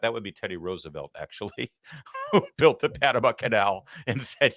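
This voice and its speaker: A commentator with a lowish voice rants about politics, his delivery swinging from loud outbursts to sarcastic muttering. The sound is dry and close to the mic. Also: animated, moderate pace, dry recording. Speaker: host.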